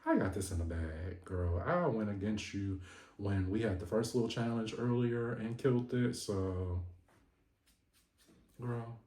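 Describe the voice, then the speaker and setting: A man's voice: lowish voice, lively intonation, a little slow, dark tone, reverberant. A man voicing a confident, sassy young woman who talks in a cutting way.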